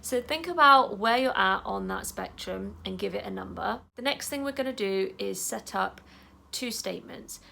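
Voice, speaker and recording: A woman leading an EFT tapping session in a casual, chatty way, saying the affirmations softly and trailing off into a whisper. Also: mid-range voice, lively intonation, normal speed, vocal fry, slight background noise. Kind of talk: guided tapping instruction.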